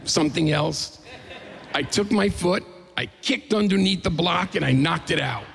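A man telling a funny story to a crowd in an animated, playful, self-mocking way. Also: high-pitched, moderate pace, gravelly, long reverb tail. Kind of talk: live comedic storytelling.

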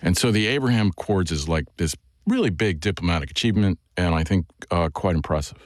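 A man's voice: deep voice, animated, fast talker, no room sound, studio quality. A man being interviewed as a journalist guest, talking in a loose conversational way with plenty of fillers and restarts.

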